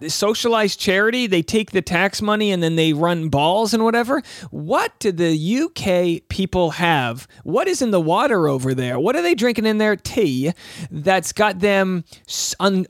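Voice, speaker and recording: A man hosting a commentary podcast, talking in an animated, sarcastic way with rambling asides. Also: high-pitched, unhurried, no room sound, clean studio sound. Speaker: podcast host.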